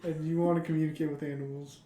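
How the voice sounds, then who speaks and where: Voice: mid-range voice, quick pace. A young podcast co-host chatting casually and jokily, acting out quoted lines. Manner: jokey, animated, acts out quoted voices. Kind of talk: casual chat. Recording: echoey room, distant from the mic.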